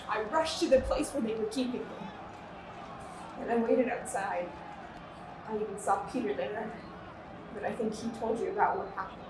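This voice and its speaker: A woman's voice: fairly high pitch, close to an everyday voice. A woman playing a grieving, loyal follower of Jesus in a heartfelt stage monologue. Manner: urgent, heartfelt first-person retelling. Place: church stage. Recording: echoey church hall, noisy, mic far off.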